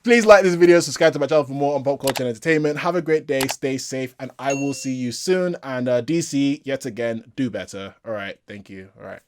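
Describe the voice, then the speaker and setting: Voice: mid-range voice, fairly quick, few pauses, darkish tone, slight background noise. A channel host giving a casual solo movie review, exasperated and repetitive, often breaking into laughs.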